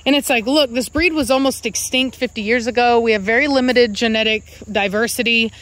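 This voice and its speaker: A woman with a drawl talks casually to her viewers, pitched a little high. She rambles and corrects herself as she goes. Dogs can be heard around her. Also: brisk, a bit bright. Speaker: dog breeder and channel host. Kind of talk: casual vlog talk to viewers.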